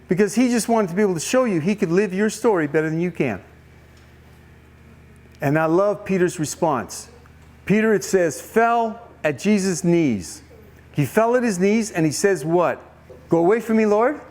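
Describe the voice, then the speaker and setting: A man giving a youth camp sermon, retelling a Bible story and questioning his listeners. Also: sits high. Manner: animated storytelling, questions to the audience. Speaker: camp speaker.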